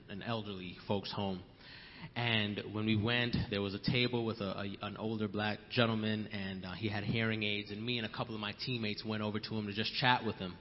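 A young male pastor preaches in a church, his voice ringing out with a long hall reverb. The sound is dull and lo-fi. He repeats his key lines and tells stories that build to loud emphasis. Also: fairly low pitch. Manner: repeats key lines for emphasis, calls listeners brothers and sisters; storytelling asides, rising to loud emphasis. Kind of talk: sermon. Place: church sanctuary.

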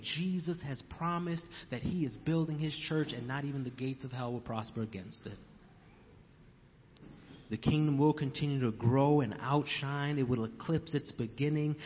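A young male pastor preaches in a church, his voice ringing out with a long hall reverb. The sound is dull and lo-fi. He repeats his key lines and tells stories that build to loud emphasis. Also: mid-range voice. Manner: repeats key lines for emphasis, calls listeners brothers and sisters; storytelling asides, rising to loud emphasis. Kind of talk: sermon. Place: church sanctuary.

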